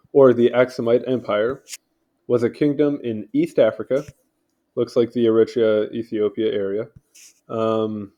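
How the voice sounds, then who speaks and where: This man's mellow, mid-range voice comes through a home mic as he casually reads articles at home. He hosts videos where he reads wiki entries, tripping over names and throwing in offhand comments along the way.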